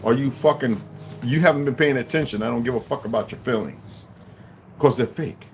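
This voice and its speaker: A man's voice: medium pitch, a little fast, soft background music. A man in his fifties giving a blunt, profane, rambling livestream monologue, often repeating words and restarting sentences. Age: 50s. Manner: profane, blunt, stream-of-consciousness.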